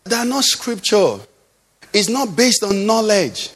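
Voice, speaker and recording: A man preaching a sermon as pastor, swinging from loud cries to low murmurs. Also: very animated, a little slow, slightly rough.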